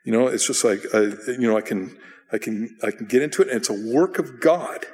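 Middle-aged man, pastor, casual self-mocking sermon, average pitch, long hall reverb. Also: expressive, fairly quick. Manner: conversational, self-deprecating, with bursts of acted shouting.

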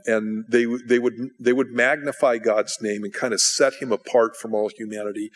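A middle-aged man preaching a conversational sermon, casual and repetitive, telling stories with energy. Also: mid-range voice. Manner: casual, repeats words, lively storytelling. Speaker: pastor.

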